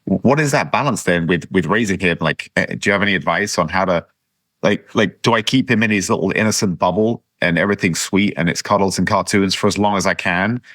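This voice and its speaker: Deep-voiced man asking halting questions. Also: a bit bright, no echo, studio quality. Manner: thoughtful, halting, repeats words while searching. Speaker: podcast host. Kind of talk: casual interview chat.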